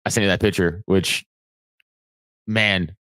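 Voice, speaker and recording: A man's voice: sits low, steady tone, unhurried, fairly bright tone, smooth, dry recording, clean studio sound. A man co-hosting a podcast in casual chat, swearing, laughing and rambling, sleepy from a long night. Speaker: podcast co-host.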